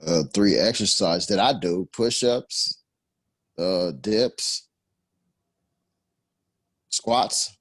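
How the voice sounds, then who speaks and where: A man's voice: low voice, very slow, pauses often, no echo. A male student answering a question on a video call, hesitant as he lists his answers.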